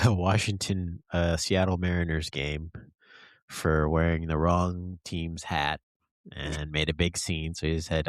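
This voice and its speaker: A man co-hosting a podcast, chiming in with quick jokes in casual chat. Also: low voice, little pitch movement, no echo. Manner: jokey, quick interjections. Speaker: podcast co-host.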